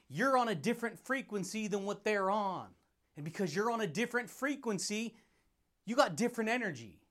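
A man's voice: high-pitched, fairly bright tone. A man hosting a motivational podcast, talking in a hyped, laughing monologue that keeps calling the listener dude, buddy and baby.

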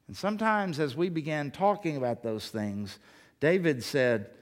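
Male pastor, sermon delivery, emphatic with rhetorical questions, slightly high-pitched. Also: expressive, normal speed.

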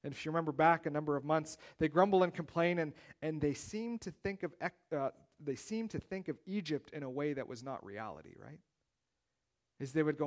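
A male pastor giving a sermon in a conversational way, reading scripture aloud with emphasis and swinging from loud phrases to hushed ones. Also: fairly high pitch, lively intonation, fairly quick. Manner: conversational preaching with restarts and wide swings in loudness.

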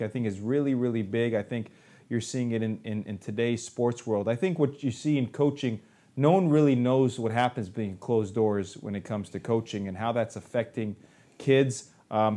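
A man hosting a podcast, asking long relaxed questions. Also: mid-range voice. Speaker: podcast host. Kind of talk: casual interview questions.

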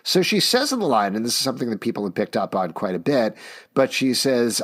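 Excited man talking movie trailers. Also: fairly low pitch, slightly rough. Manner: enthusiastic, quick, animated asides. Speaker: podcast host. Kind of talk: casual pop-culture chat.

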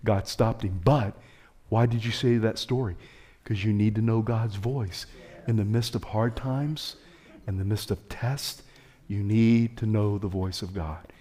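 A man preaching a sermon as pastor, swinging his pitch high and low and calling out to the congregation. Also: fairly even intonation, unhurried, mellow, slightly rough.

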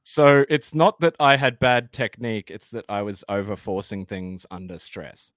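A man's voice: lowish voice, fairly even intonation, normal speed, a bit bright, dry recording, clean studio sound. A man with an Australian accent, a podcast guest rambling through casual explanations with plenty of fillers. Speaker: podcast guest, former band vocalist.

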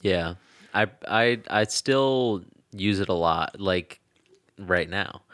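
A man's voice: low voice, takes it slowly, fairly bright tone, dry recording, clean studio sound. A young man co-hosting a podcast in casual chat, swearing and laughing a lot, self-conscious about his own speech. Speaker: podcast co-host.

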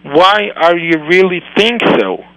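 A man voicing a caring woman schoolteacher, speaking softly and questioning in disbelief. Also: sits high, slow pace, no echo, pitched above the performer's own voice, poor audio. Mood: astonished. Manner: soft, astonished questioning.

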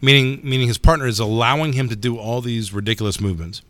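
A man who teaches jiu-jitsu, talking in a casual podcast chat and telling stories in an animated way, often repeating words as he goes. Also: medium pitch, fast, no echo.

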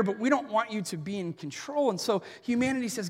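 A man in his thirties preaching an earnest sermon as pastor, swinging between soft and forceful delivery. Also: high-pitched, animated, a little fast, hardly any pauses. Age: 30s. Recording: long hall reverb.

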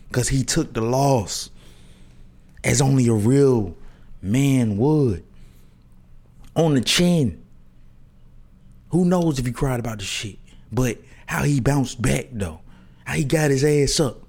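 A man's voice: medium pitch, darkish tone. A man in his thirties hosting a podcast, telling loose, slangy stories with many restarts and asides. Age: 30s. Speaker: podcast host. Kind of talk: casual monologue.

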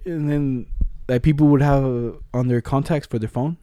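A man's voice: mid-range voice, fairly even intonation, normal speed, warm tone, clean tone, no room sound. A young man in casual chat, telling school stories with lots of slang and laughter.

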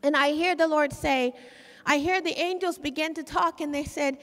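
A woman's voice: sits high, fairly even intonation, normal speed, fairly bright tone. A woman preacher giving a fervent, repetitive sermon testimony at a church service. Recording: long hall reverb.

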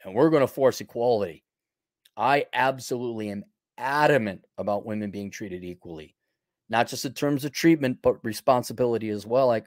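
A man's voice: medium pitch, brisk, dry recording, studio quality. A man with a Milwaukee accent hosting a podcast, reading viewer donations and giving blunt, opinionated answers. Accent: Milwaukee, Upper Midwest. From Milwaukee, Wisconsin. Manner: blunt, opinionated, drops into mock voices. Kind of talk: casual livestream commentary.

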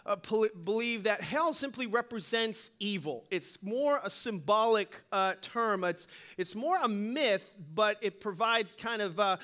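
A male pastor delivers a sermon in a notably high voice. He is animated and playful, weaving jokes and little stories into his preaching. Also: measured pace, few pauses. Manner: animated, joking storyteller.

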